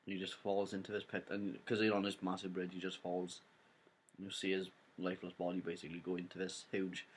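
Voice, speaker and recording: A man's voice: low voice, slightly rough. Rambling young Welsh man retelling a film. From Wales. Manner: rambling retelling full of "like" and "basically". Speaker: film reviewer. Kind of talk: casual spoiler review.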